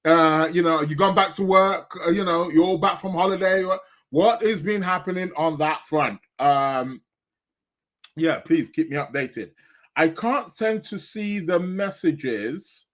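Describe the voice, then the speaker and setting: Man, podcast host, rambling live chat, fillers, slightly high pitch. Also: unhurried, a bit bright. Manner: rambling, chatty, many fillers and restarts; eating while talking. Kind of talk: casual live-stream chat.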